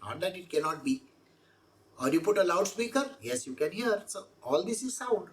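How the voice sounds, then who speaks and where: A woman's voice: lowish voice, lively intonation, moderate pace. Lady explaining a holy text, very up and down voice, keeps going "no?". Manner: explanatory, repeats points with rhetorical questions. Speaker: spiritual teacher. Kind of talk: scripture exposition talk.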